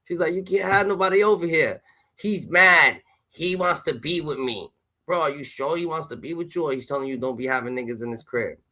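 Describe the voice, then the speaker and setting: A man streaming casual reaction commentary on rap news, slangy and excitable, repeating a catchphrase tag. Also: a little high, fairly quick. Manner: loud, excitable and laughing.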